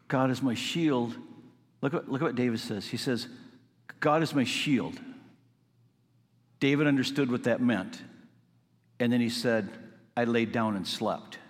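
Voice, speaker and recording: A male pastor delivering a sermon, building from calm explanation to fervent emphasis. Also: mid-range voice. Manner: preaching, rising to fervent emphasis. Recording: long hall reverb.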